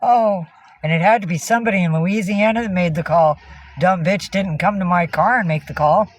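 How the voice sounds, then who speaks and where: On a casual livestream recorded in a minivan, a woman with a lowish voice speaks briskly, lurching from angry, swearing rants at her audience to soft baby talk with her cats.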